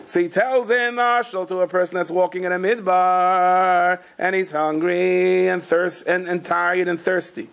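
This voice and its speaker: A man giving a Torah class as a sermon, telling stories animatedly, acting out voices with sudden high shouts, and mixing Hebrew and Yiddish terms into his English. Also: level tone, unhurried, creaky.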